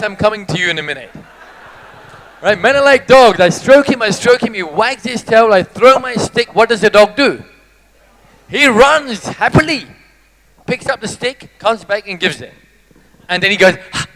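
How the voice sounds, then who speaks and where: Man, a high-pitched motivational speaker who is animated and teases the crowd. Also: rough recording. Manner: animated, jokey, teases the audience. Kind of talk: live motivational talk.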